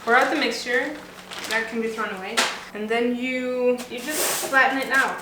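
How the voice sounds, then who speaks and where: A woman's voice: fairly high pitch, fairly even intonation, moderate pace. A young woman, talking casually and joking at her own expense while she bakes at home. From Sweden. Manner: rambling, playful and self-mocking. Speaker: home baking vlogger. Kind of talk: casual chat while cooking. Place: home kitchen. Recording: roomy kitchen with background noise.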